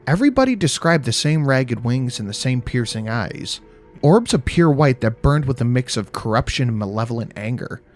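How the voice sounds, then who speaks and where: A man narrating a first-person horror story in a wry, profane, deadpan way. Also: medium pitch. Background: faint music.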